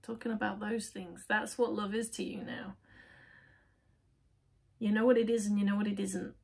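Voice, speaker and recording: A woman with a slightly raspy, breathy voice, reading tarot in a relaxed, casual way. She talks directly to the viewer and asks herself questions, then answers them. Her pitch sits in the middle for a woman. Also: moderate pace. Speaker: tarot reader.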